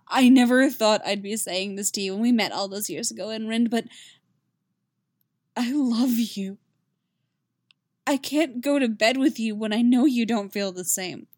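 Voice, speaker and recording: A woman's voice: mid-range voice, a little fast, few pauses, darkish tone, dry recording, lightly acted. A woman voicing an emotional young male bard who pleads and gushes, breathless and emphatic. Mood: pleading.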